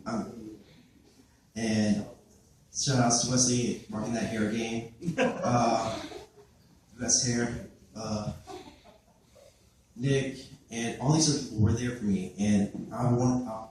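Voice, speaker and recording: A man's voice: mid-range voice, fairly even intonation, slow, pauses often, darkish tone, a little hiss or hum. A teenage boy giving a personal testimony at church, hesitant, with many fillers and restarts, recorded by a camera from far off. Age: late teens. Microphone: far camera recorded by his father. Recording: echoey hall from far off.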